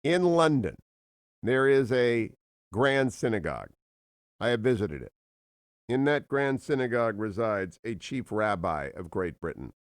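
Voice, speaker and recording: A man hosting a talk radio show from a studio, reading the news in a booming, theatrical way. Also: big pitch swings, measured pace, no echo. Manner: booming, theatrical, laughs at own jokes. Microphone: studio microphone.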